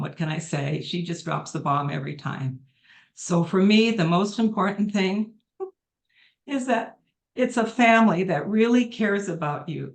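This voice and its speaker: A middle-aged woman giving an emotional, earnest testimonial on a video call, speaking from the heart and rambling a little. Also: on the low side.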